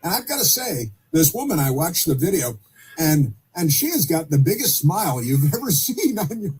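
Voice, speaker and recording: A man hosting opinionated talk radio, speaking haltingly with many fillers and restarts and dropping sarcastic asides. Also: on the high side, sing-song, darkish tone, breathy edge.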